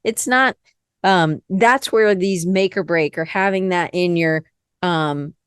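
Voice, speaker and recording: A Southern American woman hosting a podcast, talking casually in a rambling, lively way that often stops and restarts. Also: fairly low pitch, slow pace, clean tone, no room sound, studio quality. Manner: rambling, lively, self-interrupting. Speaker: podcast host. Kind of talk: casual conversation.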